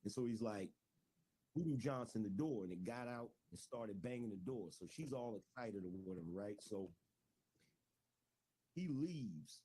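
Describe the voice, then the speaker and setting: A man's voice: fairly low pitch, animated, moderate pace, dark tone, slight background noise. A man casually telling a long joke to friends on a group call, loose and slangy, constantly checking in with "right?". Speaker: joke teller.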